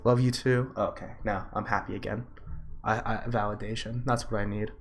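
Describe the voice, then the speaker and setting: A young man coaching and reviewing gameplay in casual live-stream commentary, blunt and profane, often breaking into high laughter. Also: fairly even intonation, moderate pace.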